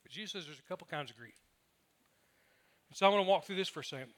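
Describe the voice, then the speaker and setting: Delivering his sermon, this male pastor speaks fast in a high-pitched, fairly bright voice. He spins humorous personal anecdotes, performing the quotes of the people in them.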